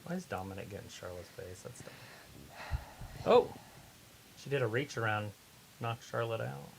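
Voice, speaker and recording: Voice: medium pitch, expressive, normal speed, vocal fry, slight background noise, low-quality recording. A stream co-host giving blunt, sarcastic remarks during a casual watch-along.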